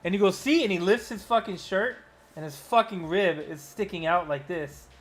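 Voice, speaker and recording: Guy in his 30s on a podcast, kinda high voice, tells stories all animated, swears a ton. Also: normal speed, a little hiss or hum. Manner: animated storyteller, swears a lot. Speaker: podcast co-host. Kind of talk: casual chat.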